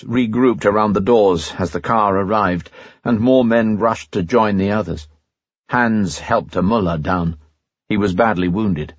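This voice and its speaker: A man reading a novel aloud as an audiobook narrator in a steady, even way. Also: fairly low pitch, slightly rough, no echo, dull audio. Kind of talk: scripted narration.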